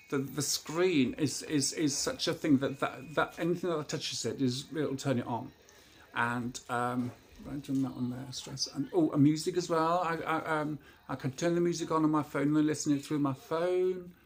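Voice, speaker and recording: A man in his fifties, a vlogger rambling through a casual show-and-tell of a new gadget, hesitant and full of restarts. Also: medium pitch.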